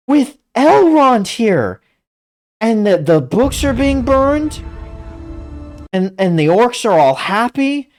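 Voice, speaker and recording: Excitable woman stammering in disbelief. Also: on the high side, slow, soft background music. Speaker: channel host. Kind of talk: excited reaction commentary.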